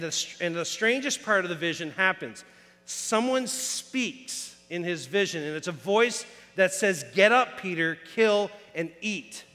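High, bright-voiced preacher in an echoey hall. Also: male voice. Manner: casual storytelling with audience questions. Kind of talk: sermon. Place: church sanctuary.

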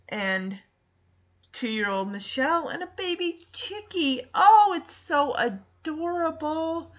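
Bright, lively woman host, giggly recap, slightly dull audio. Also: a little high. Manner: animated, giggly, does voices. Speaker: podcast host. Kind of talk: casual episode recap.

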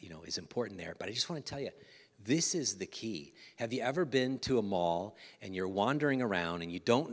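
A middle-aged man preaching a sermon as pastor, animated, swinging between loud emphasis and hushed, near-whispered asides. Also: deep voice. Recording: church hall reverb.

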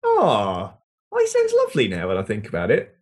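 Playful man on a lively podcast chat. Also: on the low side. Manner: playful, jokey, quick to laugh. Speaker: podcast co-host. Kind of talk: casual chat. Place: small sealed room at home.

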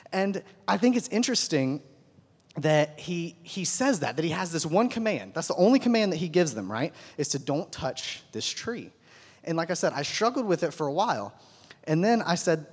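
A man's voice: high voice, very animated, a little fast, vocal fry, slightly rough. Chatty man teaching a Bible class. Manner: conversational, keeps asking "right?". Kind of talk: casual Bible lesson to a group. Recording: long hall reverb.

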